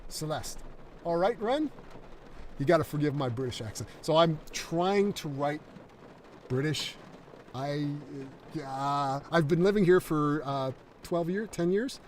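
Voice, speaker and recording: A man's voice: fairly high pitch, measured pace, a little hiss or hum. An enthusiastic man, mic a bit distant. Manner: enthusiastic, rambling with fillers. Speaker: concept artist and screenwriter. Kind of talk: livestream talk, reading a draft script.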